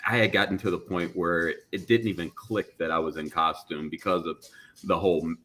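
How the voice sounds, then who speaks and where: A man's voice: sits low, fairly even intonation, moderate pace, a bit bright. A man talking casually on a podcast panel about cosplay, rambling with fillers and restarts.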